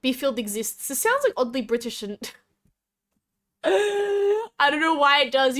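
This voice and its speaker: Give me a young Australian woman streamer chatting in a rambling, giggly way, her voice high and very animated. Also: slow pace. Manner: rambling and giggly, reading chat aloud. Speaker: VTuber streamer. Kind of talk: casual live-stream chat.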